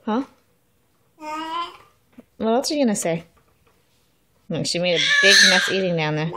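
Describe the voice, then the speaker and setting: Playful mother in lively baby talk. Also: mid-range voice, measured pace, pauses often, noisy background. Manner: playful sing-song baby talk, coaxing and teasing. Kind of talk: home video baby talk.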